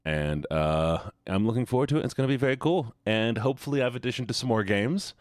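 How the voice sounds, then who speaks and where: Young male streamer, low and lively, rambly, dry sound. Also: fast, no room sound. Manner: chatty, rambling, repeats words, laughs often. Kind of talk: casual chat with viewers.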